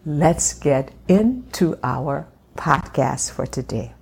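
Low-voiced woman hosting a faith podcast. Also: expressive, creaky, background noise. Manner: warm, encouraging, slows down to stress a point. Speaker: podcast host. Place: home room at a glass table.

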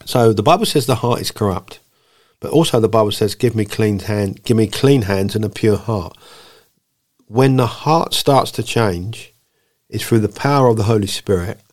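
A man's voice: on the low side, normal speed, a little mellow. A man co-hosting a casual faith podcast, mixing preachy talk with jokes. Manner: playful, preachy, breaks into jokey voices. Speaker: podcast co-host.

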